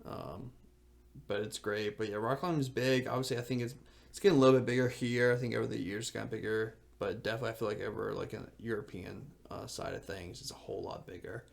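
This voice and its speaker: A man in his twenties co-hosting a podcast, rambling excitably in casual chat full of filler words. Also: fairly low pitch, quick pace, vocal fry. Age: 20s. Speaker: podcast co-host.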